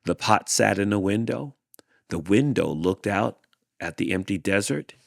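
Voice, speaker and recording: A man hosting a show, reading a children's storybook aloud in a deliberate, expressive way. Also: fairly low pitch, vocal fry, no echo, clean studio sound. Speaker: host reading a children's book.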